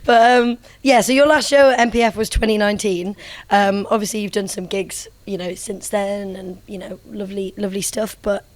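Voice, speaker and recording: Interviewer: woman, medium pitch, casual and chatty, slangy. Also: steady tone, a little fast. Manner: chatty, friendly slang, many ums.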